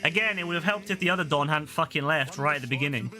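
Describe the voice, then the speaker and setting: A young man commentating on his own gameplay in casual chat, swearing a lot and getting exasperated, with excitable outbursts. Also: fairly high pitch, fast talker, faint music behind. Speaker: gaming streamer.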